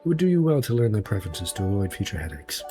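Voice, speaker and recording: A man's voice: lowish voice, very animated, very fast, over music, pitched below the performer's own voice. A man reading a courtly older advisor. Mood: formal. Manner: formal, courtly. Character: genial older male royal advisor, uncle.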